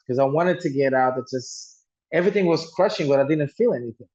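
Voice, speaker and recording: A man's voice: mid-range voice, moderate pace, a little mellow, muffled recording. A man telling a personal story earnestly, often restarting and repeating words. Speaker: guest telling his story.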